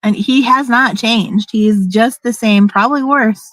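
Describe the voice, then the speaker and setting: A woman's voice: fairly high pitch, moderate pace, dry recording, poor audio. Blunt, profane woman venting, dry sound. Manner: blunt, profane, rambling with restarts. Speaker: vlogger. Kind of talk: casual storytime vent.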